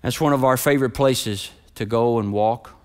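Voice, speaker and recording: A middle-aged man preaching a sermon as pastor. He starts with a quiet, subdued personal story and builds to loud, rising preaching. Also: medium pitch, moderate pace, clear, resonant tone.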